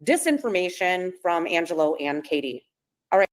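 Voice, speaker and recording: A woman in a played clip, calmly and deliberately laying out details of phone calls. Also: on the low side. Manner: deliberate, matter-of-fact.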